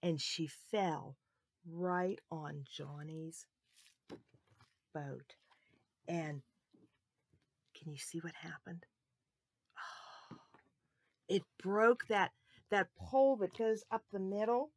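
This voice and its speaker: A woman telling a Bible story to children, expressive and asking her listeners questions. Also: lowish voice, extremely slow, long pauses.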